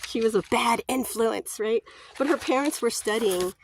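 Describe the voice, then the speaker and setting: A playful, chatty woman tells stories straight to her audience in a casual vlog. Her voice sits a little high, and she laughs easily between her stories. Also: moderate pace, creaky, slight background noise. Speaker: vlogger.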